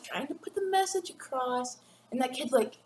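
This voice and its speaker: Teen girl vlogger, slow rambling chat, high-ish voice, room echo and faint background hum. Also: animated, a little mellow. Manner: rambling, giggly, acts out classmates in quick voices. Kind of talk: casual chat to camera. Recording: echoey room with faint ambience.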